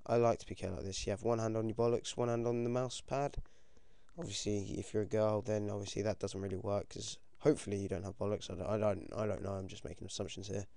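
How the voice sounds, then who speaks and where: A British teenage boy giving casual, excitable commentary over his own game, swearing often and yelping when things go wrong. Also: lowish voice, fast talker, creaky, dry recording. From United Kingdom. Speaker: gaming commentator.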